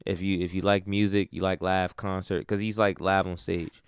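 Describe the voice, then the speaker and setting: A man's voice: low-pitched, little pitch movement, normal speed, smooth, dry recording, studio quality. A man co-hosting an album chat, a saxophone player who rambles with lots of slang and fillers. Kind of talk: casual chat.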